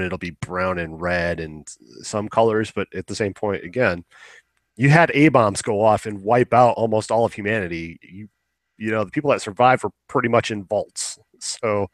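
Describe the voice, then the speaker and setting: A man's voice: fairly low pitch, dry recording. A man co-hosting a podcast in casual chat, rambling and swearing casually as he acts out quotes. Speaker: podcast co-host.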